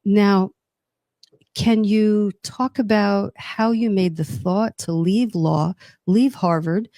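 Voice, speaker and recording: A woman's voice: medium pitch, steady tone, takes it slowly, warm tone, no echo, studio quality. A woman hosting a podcast interview, attentive and empathetic, with reflective follow-up questions. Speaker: podcast host.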